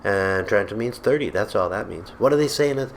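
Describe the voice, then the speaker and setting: A man's voice: on the low side, lively intonation, fairly quick, slight background noise. A man delivering a comedic, exasperated rant to camera as a vlogger, sarcastic throughout. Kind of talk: comedic ranting monologue. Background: faint background music.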